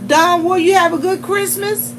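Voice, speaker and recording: A woman's voice: extremely high pitch, fairly even intonation, normal speed, slight background noise. A woman hosting a casual livestream, chatting straight to her viewers and greeting them by name as they come in. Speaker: livestream host.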